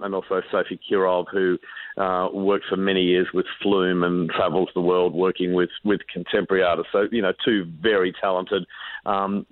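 A man, an author being interviewed, tells stories in an animated way and often restarts his sentences. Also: on the low side, no echo. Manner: animated, acts out quoted voices, many restarts. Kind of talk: anecdotal storytelling. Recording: tinny dry phone line.

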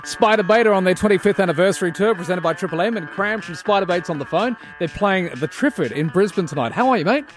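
An upbeat Australian radio host who jokes and banters quickly with callers. His voice sits fairly high, and faint music plays underneath. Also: expressive. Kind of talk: casual radio chat.

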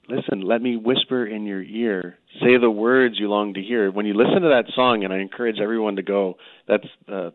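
A priest with a very low voice talks earnestly and gently, often pausing on "you know" as he teaches. He comes through a narrow, phone-like line with no room around him. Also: no echo. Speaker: priest guest. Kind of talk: spiritual teaching on call-in radio.

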